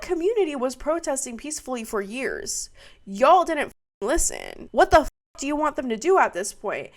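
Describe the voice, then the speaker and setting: A woman's voice: high-pitched, big pitch swings, normal speed. A young woman streamer giving fired-up, profane commentary. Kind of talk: heated commentary.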